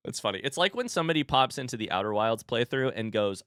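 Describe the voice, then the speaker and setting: A man's voice: mid-range voice, expressive, fast talker, few pauses, fairly bright tone, no room sound, clean studio sound. Playful man chatting on a live stream. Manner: rambling, playful, reads chat aloud. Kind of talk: casual live-stream chat.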